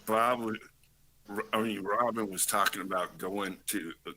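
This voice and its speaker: Low-voiced man telling a story. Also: pushed and bright, slight background noise, low-quality recording. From California. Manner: storytelling, halting restarts. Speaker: regular caller. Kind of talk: casual chat.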